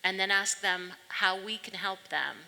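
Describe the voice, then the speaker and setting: A woman's voice: mid-range voice, unhurried, gravelly, pushed and bright, slight background noise. A woman speaking on a panel, telling a story from her own work in an earnest way. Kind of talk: panel discussion, anecdote. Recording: reverberant hall.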